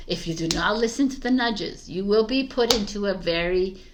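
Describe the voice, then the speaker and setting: A woman's voice: medium pitch, a bit bright, a little hiss or hum. A woman giving a casual tarot reading, chatty and emphatic, laughing often. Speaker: tarot reader.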